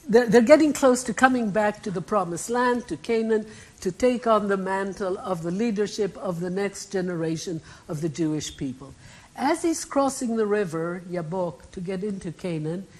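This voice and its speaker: A woman at a lectern retells an ancient family drama for a live audience. Her voice is a bit breathy and husky and sits at a middle pitch. She tells it with expressive storytelling flair. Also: poor audio. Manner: vivid, expressive retelling with asides. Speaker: keynote speaker.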